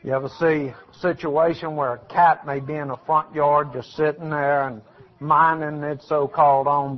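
A male preacher giving a folksy, fiery sermon, swinging from shouting to low, quiet asides. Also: muffled recording. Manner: folksy, shouting at peaks then dropping low.

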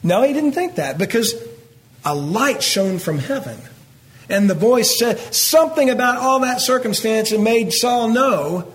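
A middle-aged man, teaching a Bible passage verse by verse in a folksy, conversational way and talking directly to his congregation. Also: high voice. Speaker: pastor.

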